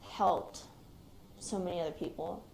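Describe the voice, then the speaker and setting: With a lowish voice, vocal fry and a measured pace, a young woman talks quietly and hesitantly in an interview about what she went through. She is an active-duty service member and a shooting survivor, and her manner is reflective. Faint background noise sits under the roomy recording.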